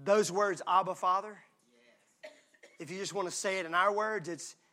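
A male pastor preaching a sermon. He swings from hushed, intimate lines to loud, shouted emphasis. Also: high-pitched, fairly even intonation, normal speed.

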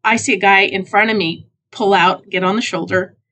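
Woman rambling thru a funny story on her podcast, laughs at herself, goes squeaky for quotes. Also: moderate pace. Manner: animated, self-mocking, jumps into high voices for quoted people. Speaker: podcast host. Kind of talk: casual storytelling monologue.

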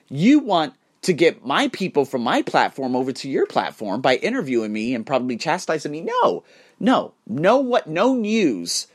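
A man hosting his own vlog and podcast, ranting casually, blunt and animated, swearing freely. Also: fairly high pitch, husky. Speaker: YouTuber and podcast host.

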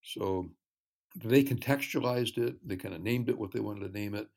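A man talking as a ministry guest in an interview, earnest and measured, telling stories. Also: fairly low pitch, vocal fry, a little mellow. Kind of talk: casual interview chat.

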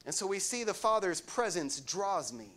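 A male pastor preaching a sermon, asking the congregation rhetorical questions and repeating key phrases for emphasis, sometimes dropping to a soft, quiet delivery. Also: high voice, very animated, moderate pace.

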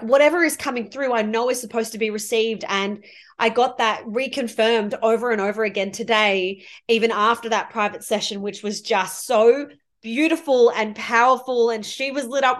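A woman hosting her own podcast as a money mindset coach. She speaks in a heartfelt, effusive, spiritual coaching manner. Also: a little high. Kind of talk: solo podcast monologue.

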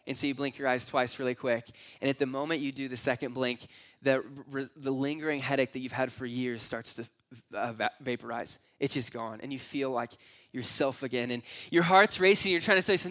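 A man with a high, bright voice delivers a sermon. He tells a long story in second person, moving between hushed, low passages and loud, exclaiming ones. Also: steady tone, a little fast. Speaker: pastor.

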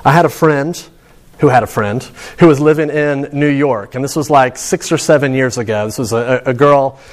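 A man's voice: mid-range voice, moderate pace. A man giving a sermon to students in a conversational, storytelling way. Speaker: preacher.

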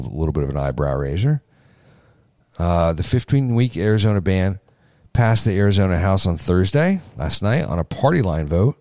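A man's voice: low voice, no room sound, clean studio sound. A man hosting a political podcast, talking off the cuff with fillers, restarts and emphatic repeated phrases. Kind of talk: casual political commentary.

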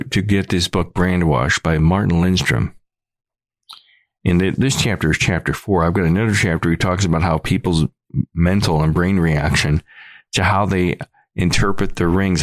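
A man's voice: low voice, no room sound. A middle-aged man hosting a podcast, talking in an earnest, rambling monologue full of restarts. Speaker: podcast host.

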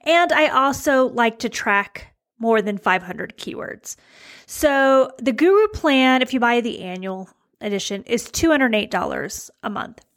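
A woman's voice: a little high, lively intonation, unhurried, a bit bright. A woman talking casually to her blog audience as their coach, chatty with fillers and emphatic repeats. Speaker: blogging coach. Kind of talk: casual video talk to followers.

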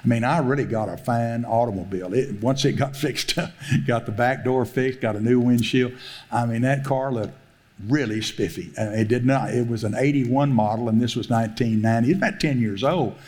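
Preacher guy telling a story in a sermon, lively, keeps laughing, plays all the voices, middle-aged. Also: mid-range voice, a little fast. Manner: animated storyteller, laughs often, acts out quoted voices. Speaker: pastor.

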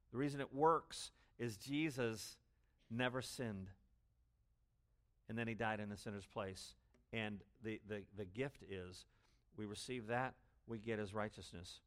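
A man's voice: steady tone, a little slow. Emphatic male pastor preaching. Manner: emphatic, swings between loud stresses and low asides. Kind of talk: expository sermon.

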